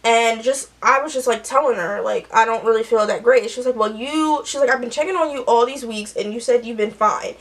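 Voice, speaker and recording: A woman's voice: a little high, brisk, hardly any pauses. Chatty young woman, storytime vlog. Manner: chatty, animated, acts out quotes. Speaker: nurse vlogger. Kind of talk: casual storytelling while doing makeup.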